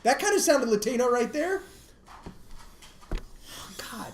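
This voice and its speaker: A woman co-hosting a casual podcast, ranting with animated energy into her mic. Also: mid-range voice, moderate pace. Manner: animated, ranting, laughing between lines. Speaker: podcast co-host. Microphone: studio mic. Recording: echoey room.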